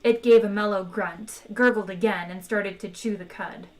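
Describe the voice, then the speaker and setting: A woman's voice: mid-range voice, normal speed, rough recording. Woman reading a novel aloud on stream. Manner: lively narration, chats with viewers between passages. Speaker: book reader on a live stream. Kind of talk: expressive read-aloud with character voices.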